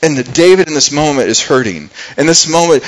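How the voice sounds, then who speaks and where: An earnest male preacher with a slightly higher voice works through a story from the pulpit. He talks like a conversation, stumbles over repeated words, and slips into quoted lines to act them out. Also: expressive, a little fast, low-quality recording. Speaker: pastor. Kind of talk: sermon.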